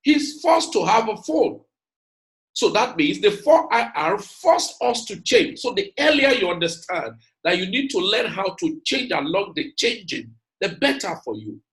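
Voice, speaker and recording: A man's voice: high voice, big pitch swings, measured pace, fairly bright tone, poor audio. A man giving an emphatic motivational lecture, repeating his points and calling out to his audience. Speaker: speaker.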